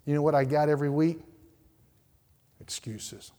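A male pastor preaching a sermon in a church, repeating words and swinging from quiet asides to loud outbursts. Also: on the high side, normal speed. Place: church sanctuary. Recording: reverberant church hall.

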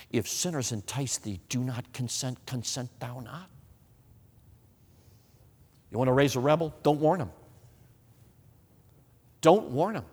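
Emphatic preacher in a reverberant hall. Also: male voice, mid-range voice. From United States. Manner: emphatic, repeats points, addresses the crowd as friends. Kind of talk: sermon.

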